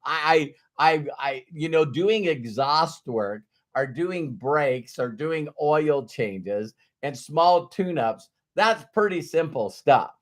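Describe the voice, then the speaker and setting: A man's voice: on the high side, animated, slow, few pauses. Rambling man telling a career story. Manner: rambling, laughs often, repeats himself. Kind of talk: casual livestream storytelling.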